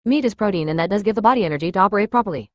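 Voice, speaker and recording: A grumpy young male ship's cook, read out by a woman. He speaks firmly and fussily, at a brisk clip. The sound is dry and close to the mic. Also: mid-range voice, expressive, dry recording, lightly acted.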